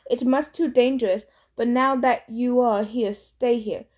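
Woman reads wise old male centaur mentor, gentle, formal, pitched a touch high. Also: fairly even intonation, measured pace. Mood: earnest.

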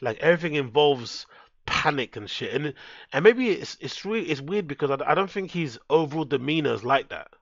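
A man's voice: fairly high pitch, expressive, brisk, no echo. A man chatting casually with his live-stream audience, laid-back and swearing freely, into a headset microphone. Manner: laid-back, swears a lot, talks straight to his chat. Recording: dull lo-fi headset mic.

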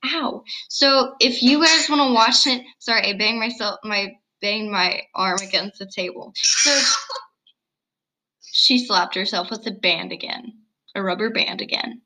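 Bright, giggly teenage girl. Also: medium pitch, a little slow, low-quality recording. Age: early teens. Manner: giggly, chatty, self-deprecating. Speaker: co-host. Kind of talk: casual video-call chat. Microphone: computer mic on video call.

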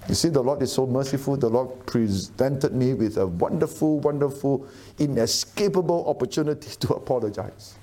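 A man's voice: medium pitch, moderate pace, hardly any pauses, warm tone. A middle-aged man preaching a sermon, emphatic and often asking the audience questions. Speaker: pastor.

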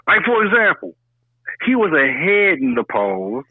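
A man in casual chat, talking loudly and profanely and laughing often. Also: fairly high pitch, sing-song, a little slow, no room sound, narrow, tinny audio.

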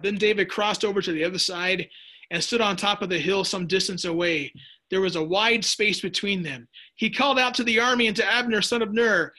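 A man's voice: sits high, pushed and bright. A man leading a casual Bible study lesson, chatty and joking, answering viewers' typed questions. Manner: chatty, jokey asides, restarts mid-sentence.

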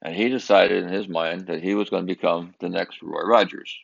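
A man's voice: sits low, fairly even intonation, vocal fry, dull audio. An older man from Southern California telling a personal family story in an earnest, emphatic way, sometimes repeating himself as he searches for words. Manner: earnest, emphatic, with halting repetitions.

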